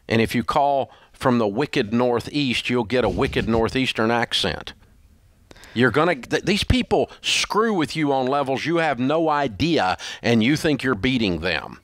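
A man's voice: medium pitch, lively intonation, a little slow, a bit bright, no room sound, clean studio sound. A male radio host giving blunt money advice in an emphatic, scolding, repetitive way. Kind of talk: blunt call-in advice talk.

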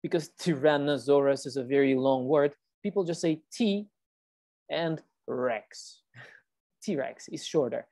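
A woman's voice: extremely low pitch, slow, warm tone, no echo. A woman teacher reading a storybook aloud to children on a video call and patiently explaining the words.

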